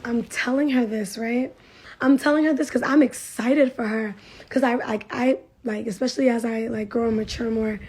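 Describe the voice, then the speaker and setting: Husky young woman telling a testimony. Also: fairly high pitch, darkish tone. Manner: chatty, many "like" fillers, repeats phrases, drops to whispers. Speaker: churchgoer sharing a testimony. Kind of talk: casual spoken testimony.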